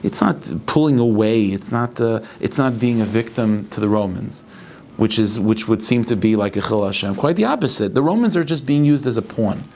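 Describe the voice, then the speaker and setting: A male rabbi giving a Torah lecture. He talks in halting bursts, restarting and repeating words as he thinks aloud. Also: fairly low pitch, expressive, a little mellow, a little hiss or hum.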